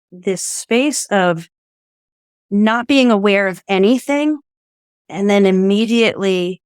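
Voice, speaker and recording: A woman's voice: mid-range voice, clean tone, no room sound, studio quality. A woman guest telling a personal story in earnest, often laughing and acting out what people said. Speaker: interview guest.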